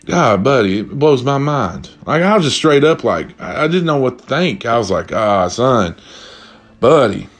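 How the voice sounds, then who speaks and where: A young man telling a story to his viewers, profane and slangy, ranting in an animated way as he drinks. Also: mid-range voice, moderate pace, few pauses.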